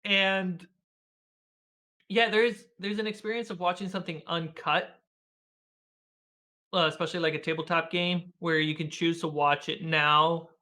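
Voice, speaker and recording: A man speaks as a guest over a video call, in a bright voice that sits a bit high for a man. He tells stories with animation, acting out the lines he quotes and laughing often along the way. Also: fairly even intonation, normal speed, pauses often. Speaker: guest, filmmaker and game master. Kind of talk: casual conversational interview.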